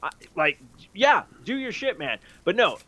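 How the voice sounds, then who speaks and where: Loud, bright-voiced man giving a pep talk. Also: sits high, sing-song, unhurried, muffled recording. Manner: emphatic, profane pep-talking. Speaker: podcast co-host. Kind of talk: casual podcast chat.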